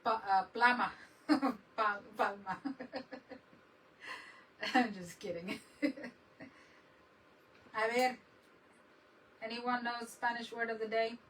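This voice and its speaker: A woman talks slowly and casually on her craft livestream, laughing between lines and slipping Spanish words into her English. Her voice sits a little high. She sounds a bit distant from the mic, with faint background noise. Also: steady tone, a bit bright.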